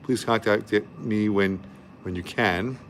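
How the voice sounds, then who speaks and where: A man's voice: on the low side, takes it slowly, a little hiss or hum. A man hosting a live music stream, chatting effusively between songs and reading viewer comments aloud.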